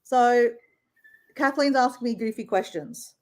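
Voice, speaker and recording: An Australian woman hosting a casual live chat, talking in a chatty, animated way full of fillers while she paints. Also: a little high, unhurried. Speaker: live stream host.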